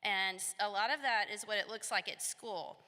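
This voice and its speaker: A woman's voice: mid-range voice, moderate pace. A woman teacher, telling a story to schoolchildren and asking them questions. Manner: animated, asks the children questions. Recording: long reverb of a hall.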